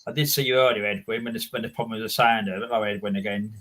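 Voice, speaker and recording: A man's voice: fairly low pitch, fairly even intonation, rapid-fire, crowd noise. An English man hosting a casual live stream chat, rambling and repeating his words as he reads out viewer names. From England.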